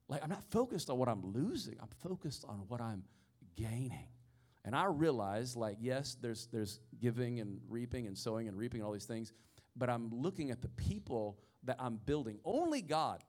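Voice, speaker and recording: A man preaching a sermon as pastor. He swings from hushed storytelling to loud, emphatic peaks and often restarts his words. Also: mid-range voice. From rural area of the country. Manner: frequent stammered restarts.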